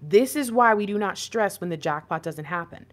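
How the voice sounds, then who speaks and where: Speaking at medium pitch and a moderate pace, a woman gives a spiritual reading as an intuitive card reader. She addresses viewers in a chatty, animated way and poses plenty of rhetorical questions.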